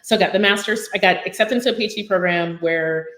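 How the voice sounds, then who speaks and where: A woman's voice: fairly low pitch, fast, a bit bright. A middle-aged woman telling her story in a casual podcast chat, with lots of ums. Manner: chatty, many ums, storytelling. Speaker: guest basketball commentator. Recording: roomy echo.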